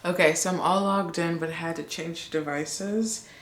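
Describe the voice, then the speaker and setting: A woman vlogging casually, excitable and gushing as she reads her results aloud. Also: on the low side, moderate pace, reverberant.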